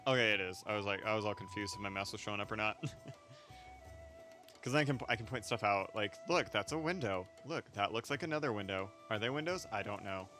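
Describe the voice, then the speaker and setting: A man's voice: fairly low pitch, fairly bright tone. A man casually commenting on a game as he plays, rambling with fillers and frequent laughs. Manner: rambling and giggly, many fillers and asides. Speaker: gaming streamer. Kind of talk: casual let's-play commentary.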